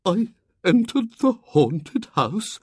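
A narrator voicing a pompous middle-aged spinster psychic who declaims in a quavering, theatrical way. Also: female voice, medium pitch, very animated, slow, dark tone, slightly rough, dry recording, studio quality, pitched above the performer's own voice, full character voice. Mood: melodramatic. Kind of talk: audiobook character voice.

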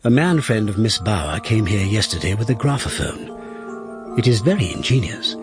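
A man's voice: fairly low pitch, big pitch swings, moderate pace, music in the background. A man reading aloud as a formal, genial Victorian royal secretary writing a letter. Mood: measured. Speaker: reader of a historical letter.

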